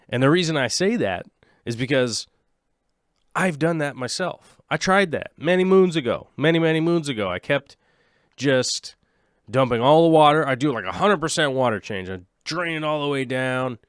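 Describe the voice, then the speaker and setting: A man's voice: medium pitch, smooth, no room sound, studio quality. A man in his late thirties hosting a casual aquarium livestream, rambling and joking with his viewers. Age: late 30s. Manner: rambling, jokey, chats with viewers.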